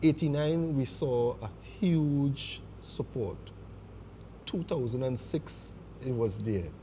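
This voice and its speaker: Male sports host, mellow voice, attentive interviewer. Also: mid-range voice, slow, a little hiss or hum. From Trinidad and Tobago. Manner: attentive, frequent short affirmations. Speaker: show host. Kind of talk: interviewing a guest.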